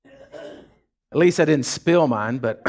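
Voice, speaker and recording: A pastor preaching a sermon, telling folksy stories in a casual drawl and swinging from hushed asides to fired-up shouts. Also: male voice, medium pitch, expressive, extremely slow.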